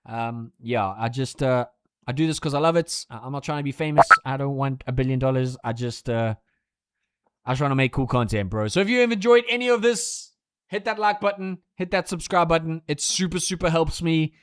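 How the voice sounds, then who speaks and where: A man hosting a live race watchalong stream, giving excitable, profane, ranting commentary. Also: fairly high pitch, brisk, smooth, no room sound.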